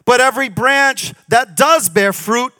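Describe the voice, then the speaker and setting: A man preaching a sermon as pastor, moving from shouted peaks to mocking asides. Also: very high voice, a little slow, clear, resonant tone, dry recording.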